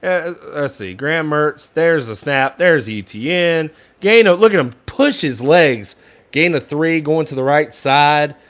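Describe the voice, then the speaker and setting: A man's voice: fairly high pitch, expressive, unhurried, fairly bright tone. A young man giving casual fan play-by-play commentary, frustrated and ranting at the play calling, sometimes swearing.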